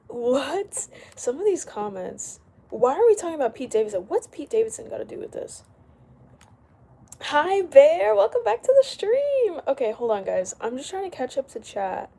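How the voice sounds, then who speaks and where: A young woman live streaming from home, chatting casually, reading out comments and firing back quick retorts with frequent laughs. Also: medium pitch, dark tone, a little hiss or hum. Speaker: livestreamer. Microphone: camera mic while live streaming.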